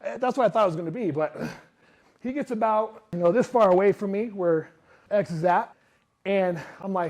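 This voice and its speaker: Animated, high-pitched male storyteller. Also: moderate pace. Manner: animated storyteller who acts out quotes. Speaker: speaker. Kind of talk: motivational talk to a live audience. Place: room with a live audience.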